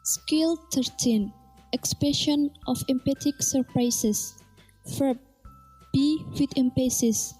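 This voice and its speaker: A woman presenting an English test lesson, slowly reading rules and examples aloud. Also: sits high, warm tone, slightly rough, faint music behind, poor audio. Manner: slow, careful reading of examples. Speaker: student presenter.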